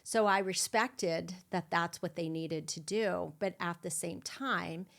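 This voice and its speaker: A woman's voice: lowish voice, slow pace, vocal fry. Candid, blunt middle-aged woman host. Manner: raw, emotional, blunt with swearing and dark humor. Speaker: podcast host. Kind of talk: candid conversational storytelling.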